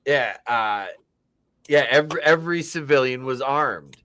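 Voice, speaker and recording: A man in a casual movie chat, enthusiastic and rambling, often pausing on fillers. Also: mid-range voice, pushed and bright, a little hiss or hum.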